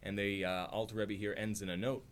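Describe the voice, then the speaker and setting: Low-voiced man teaching a Bible study. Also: level tone, fairly quick, a little hiss or hum. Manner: conversational, acts out quotes with rising voice, frequent "right?". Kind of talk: informal religious teaching.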